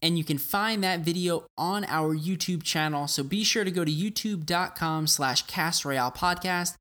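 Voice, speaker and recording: A man's voice: fairly high pitch, moderate pace, bright, forceful tone. A young man co-hosting a gaming podcast, playful and teasing, laughing often. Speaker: podcast co-host. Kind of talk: casual podcast chat.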